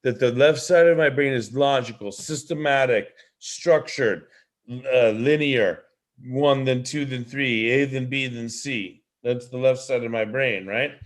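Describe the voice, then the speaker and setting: A man hosting a live online show as a leadership coach, teaching in an animated way with many rhetorical questions over a video call. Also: medium pitch.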